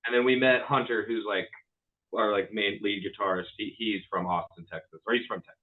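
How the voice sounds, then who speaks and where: An easygoing man from Louisville answers interview questions, pausing with plenty of ums. His voice sits low. The sound is thin and tinny, like a phone line. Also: steady tone. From Louisville, Kentucky. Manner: easygoing, hesitant, many ums. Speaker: band member guest. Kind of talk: casual interview chat.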